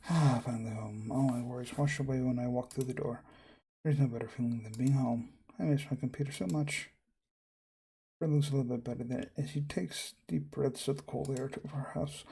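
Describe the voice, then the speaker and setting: Gravelly man reading a visual novel. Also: mid-range voice, fairly even intonation, fairly quick, warm tone, a little hiss or hum. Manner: reads all characters and narration in his own voice, reacting aloud. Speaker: game streamer.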